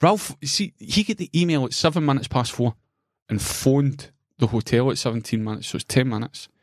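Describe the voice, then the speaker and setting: A man's voice: mid-range voice, expressive, brisk, no room sound, studio quality. A man with a Scottish accent co-hosting a podcast, ranting and swearing as he tells a story in casual chat. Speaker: podcast co-host.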